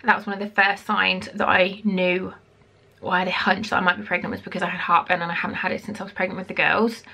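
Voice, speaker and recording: A woman's voice: on the low side, little pitch movement, fast talker, gravelly, sharp tone. A woman chatting casually in a vlog, a little out of breath, rambling between reading aloud and her own comments. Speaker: vlogger giving a pregnancy update.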